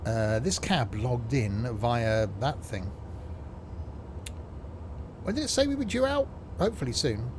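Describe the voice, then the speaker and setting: Chatty streamer, lively pitch. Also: male voice, background noise. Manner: chatty, self-mocking, quick to exasperation. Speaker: streamer playing a train simulator. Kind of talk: casual gameplay commentary.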